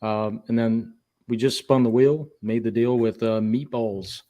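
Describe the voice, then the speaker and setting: A man co-hosting a horror podcast, giving halting, filler-heavy announcements in casual chat. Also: mid-range voice, steady tone, dark tone, lo-fi sound. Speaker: podcast co-host. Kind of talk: casual live-stream chat.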